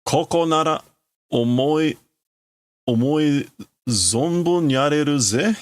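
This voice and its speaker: A man's voice: fairly high pitch, slow pace, voice pushed up. A man voicing a brash young male gang member who mocks and swaggers while reading a comic aloud. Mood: taunting. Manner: mocking, swaggering.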